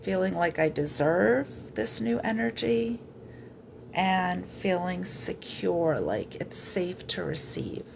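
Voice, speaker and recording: Lady healer on a livestream, low-ish soft voice, gentle and slow, faint room hum. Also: sing-song, vocal fry. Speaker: energy healer. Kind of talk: live-streamed healing session.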